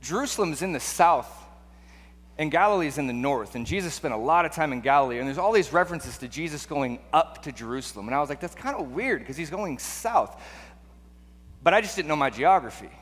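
A man's voice: on the high side, animated, fast, fairly bright tone. A man preaching a sermon in a conversational way, full of rhetorical questions and restarts. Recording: long hall reverb.

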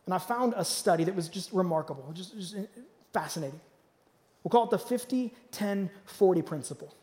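Male pastor, high voice, dynamic sermon delivery, long reverb of a church hall. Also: lively intonation, brisk. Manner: dynamic preaching, swings from loud to hushed. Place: church auditorium.

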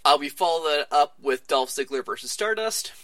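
Guy with a bright punchy voice doing a casual wrestling recap, dry close mic. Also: fairly high pitch, moderate pace, no echo. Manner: animated storytelling, acting out wrestlers' lines. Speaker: wrestling podcast host.

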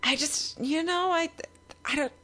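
A woman from Seattle, a podcast guest, chatting casually with wry, deadpan humor and frequent laughs. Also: high-pitched, measured pace, over a noisy crowd. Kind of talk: casual chat.

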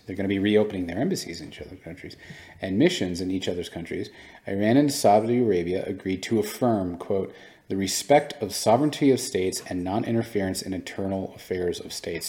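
Animated man giving unfiltered commentary. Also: lowish voice. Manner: animated, shifts into mock voices for analogies; conversational, fillers and restarts. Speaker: podcast co-host. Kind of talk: unscripted commentary.

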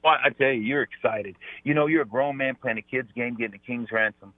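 Over a tinny phone line, a man who once played pro football talks emphatically on a sports radio show, circling back to his points with repeated "I tell you"s. He sounds brisk, with a mid-range voice and a dry recording.

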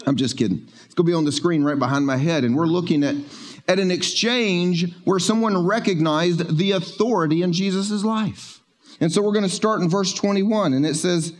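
A male pastor preaching in a church, with a voice pitched high for a man. He talks in a loose, conversational way and drops in jokes. He slows right down to lean on the words that matter. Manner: conversational and joking, slowing down to stress key words. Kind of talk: sermon. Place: church sanctuary.

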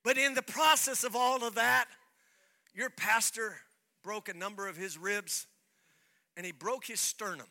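Bright, high-voiced animated pastor. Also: male voice, unhurried, long pauses. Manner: animated storyteller, acts out dialogue. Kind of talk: sermon storytelling.

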